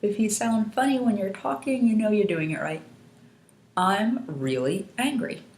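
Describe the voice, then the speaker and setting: A woman with a mid-range voice leads a guided lesson, calm and patient, explaining each step clearly. Her voice rings out with noticeable room echo. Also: mid-range voice, fairly quick. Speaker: EFT tapping instructor. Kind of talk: guided instructional demonstration. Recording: echoey room.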